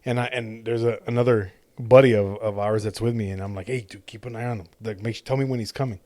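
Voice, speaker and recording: A man's voice: fairly low pitch, steady tone, quick pace, a little mellow, no room sound. A man co-hosting a podcast, telling a rambling story in casual chat and swearing freely. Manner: rambling storyteller, swears a lot, acts out quotes. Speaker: podcast co-host.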